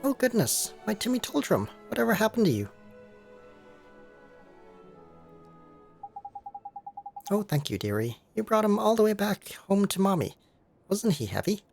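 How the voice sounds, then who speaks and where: Guy reading as a fussy old cat lady from a game, cooing, kinda gravelly. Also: high-pitched, very animated, fairly quick, a little mellow, soft background music, voice pushed up, exaggerated voice. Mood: gushing. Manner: fussy, cooing baby talk. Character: doting older female cat owner, shopkeeper.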